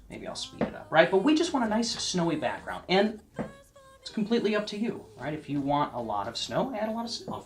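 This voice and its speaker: A man giving a casual painting lesson, chatting to the viewer and often checking in, sometimes dropping to a soft near-whisper as he works. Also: fairly high pitch. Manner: drops to a soft near-whisper while working. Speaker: painting instructor.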